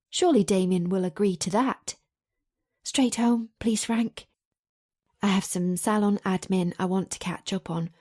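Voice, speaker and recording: A woman's voice: medium pitch, warm tone. A woman reading a romance audiobook in the first person, in a chatty, confiding manner. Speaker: audiobook narrator.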